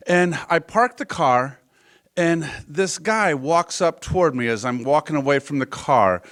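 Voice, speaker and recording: A man's voice: a little high, measured pace. A man telling a true personal story on stage at a storytelling event, conversational and acting out the dialogue. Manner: conversational, acts out dialogue with lively shifts.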